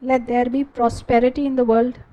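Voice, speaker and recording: High-voiced Indian woman dictating notes. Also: little pitch movement, dark tone, rough recording. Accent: Indian English. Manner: slow dictation, repeating each phrase. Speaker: teacher.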